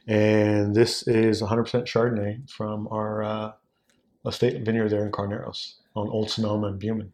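Brief: forties, fairly low male voice, lively storyteller who jumps up high for quotes. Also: moderate pace. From Southern California. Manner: animated, acts out quoted voices with big pitch jumps. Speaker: guest, wine sales executive. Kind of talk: casual anecdotal storytelling.

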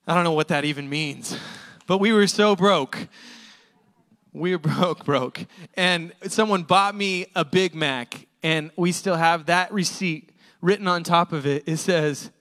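A male pastor delivers a storytelling sermon with a high, bright, forceful tone. He talks casually and emphatically, tossing in quick asides. His voice rings with the long reverb of a large hall.

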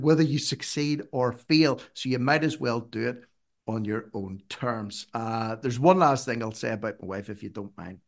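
A man's voice: medium pitch, normal speed. Earnest man telling stories. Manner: earnest, emphatic, rises sharply when urging. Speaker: guest. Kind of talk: conversational storytelling.

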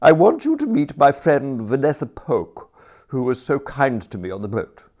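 A man's voice: medium pitch, big pitch swings, moderate pace, pitched above the performer's own voice. A man voicing a domineering aristocratic older woman who speaks tartly and scolds. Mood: imperious. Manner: sharp, scolding.

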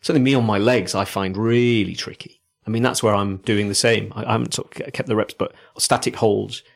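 A man's voice: fairly low pitch, steady tone, brisk, gravelly. A man from South Africa with a South African accent, co-hosting in casual chat. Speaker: podcast co-host.

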